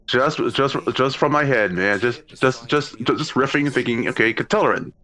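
A man's voice: medium pitch, moderate pace. A man guesting on a podcast as the writer, chatting casually with frequent stammering restarts. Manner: bright, animated, stammering restarts. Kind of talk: casual chat.

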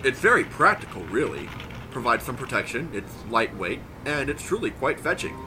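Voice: mid-range voice, very animated, moderate pace, noisy background, close to an everyday voice. A performer playing an eager, bumbling inventor henchman in an audio drama. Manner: eager, showy.

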